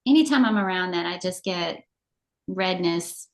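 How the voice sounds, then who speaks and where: A middle-aged woman co-hosting a casual chat show, telling animated stories and laughing often. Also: on the low side, moderate pace. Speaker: podcast co-host.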